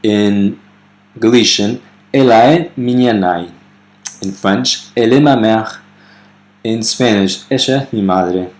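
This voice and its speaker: Low-voiced man, casual video grammar tutor, some ums, reads out foreign example sentences. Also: slow pace, pauses often. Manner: relaxed, with fillers and self-corrections. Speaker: language teacher.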